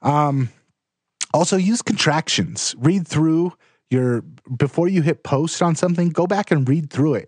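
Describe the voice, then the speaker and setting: A man's voice: fairly high pitch, darkish tone, no room sound. A man in his thirties giving writing advice in a casual, direct and emphatic way. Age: 30s. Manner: direct, plain-spoken, emphatic. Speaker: blogger giving writing tips. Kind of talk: casual instructional talk to camera.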